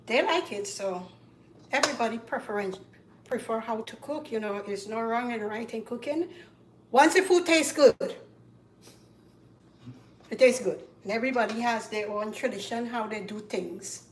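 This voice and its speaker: A woman with a Caribbean accent hosting a casual cooking demonstration, chatty and repeating herself, getting loud and emphatic when she makes a point. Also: a little high, moderate pace, pauses often, distant mic, slight background noise. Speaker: cooking show host. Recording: echoey kitchen, voice from off-mic. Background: faint clatter of pots and dishes.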